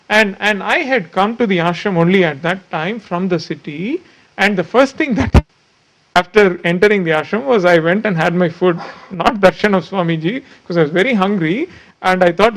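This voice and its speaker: High-voiced man telling a spiritual anecdote. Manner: self-deprecating storytelling with frequent repeats. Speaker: disciple recounting memories of his teacher.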